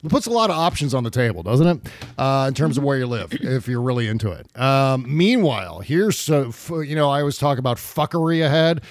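A man's voice: medium pitch, lively intonation, brisk. Sardonic, foul-mouthed male podcast host. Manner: profane, sardonic. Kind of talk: casual political chat.

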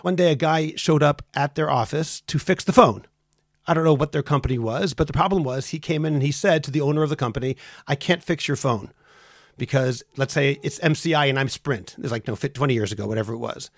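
A man's voice: on the high side, a little fast, no room sound, studio quality. A man hosting a podcast, telling an anecdote in an earnest conversational way. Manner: earnest, storytelling with acted quotes. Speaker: podcast host. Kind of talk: conversational storytelling.

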